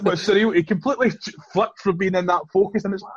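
A man's voice: sits high, husky, dry recording. Man, Glaswegian Scottish accent, podcast guest, dry close sound, chatty storyteller. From East End of Glasgow, Scotland. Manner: lively storyteller, quick and chatty with frequent restarts. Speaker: guest, Olympic hammer thrower. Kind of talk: casual podcast chat. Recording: dull, lo-fi podcast recording.

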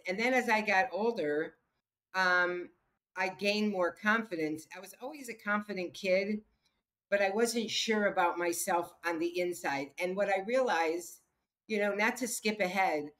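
Lively storytelling woman coach. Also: medium pitch, unhurried. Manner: lively storyteller who acts out the voices of people in her stories. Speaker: entrepreneur and health coach, interview guest. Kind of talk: casual storytelling in a podcast interview.

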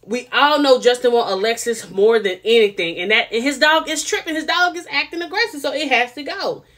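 A woman's voice: a little high, brisk, fairly bright tone. A woman, giving casual, sassy commentary on a reality TV episode and repeating herself for emphasis. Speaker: reality TV reviewer.

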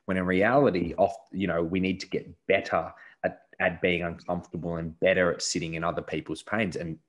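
A very deep-voiced man hosting a casual podcast chat. He tells stories in a lively, animated way and acts out bits of conversation. The talk is relaxed and unscripted. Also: fairly quick. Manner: animated storytelling with acted-out quotes and swearing. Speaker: podcast host.

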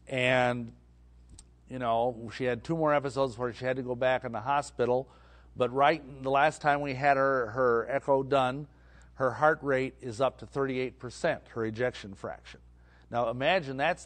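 A middle-aged man, giving a religious talk in a rambling, filler-heavy storytelling manner. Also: mid-range voice. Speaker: Christian speaker.

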